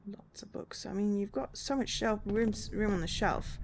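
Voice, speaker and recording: A woman giving casual, halting commentary while streaming a game, often trailing off mid-thought. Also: medium pitch, noisy background.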